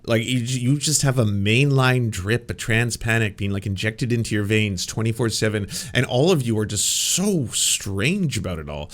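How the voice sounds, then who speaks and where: A man's voice: lowish voice, lively intonation, moderate pace, few pauses. A man hosting a reaction commentary show, talking sarcastically and mocking the people he criticizes. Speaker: commentary host.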